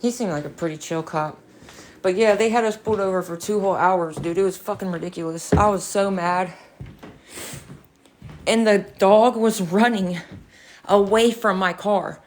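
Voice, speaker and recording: A young woman chatting casually on a livestream, telling a story with animated energy, swearing and laughing, a bit out of breath. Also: medium pitch, moderate pace, slight background noise. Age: young adult.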